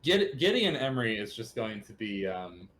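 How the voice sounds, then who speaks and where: A man co-hosting a gaming stream, chatting excitedly and stammering as he rambles. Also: fairly low pitch, normal speed, a little hiss or hum. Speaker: co-host. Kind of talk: casual chat.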